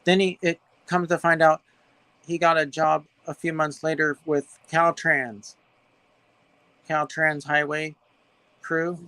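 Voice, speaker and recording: A man from California casually telling stories about his neighbors, animated and mimicking them in high voices, talking outdoors into a phone. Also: slow pace, long pauses, smooth, no room sound. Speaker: livestream guest. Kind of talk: casual storytelling chat.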